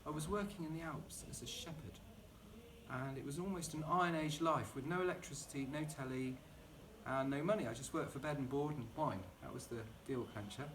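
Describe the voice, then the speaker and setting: A man's voice: on the high side, a little fast, noisy background. A middle-aged man chatting and rambling enthusiastically while demonstrating gardening at home in his kitchen. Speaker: gardening vlogger.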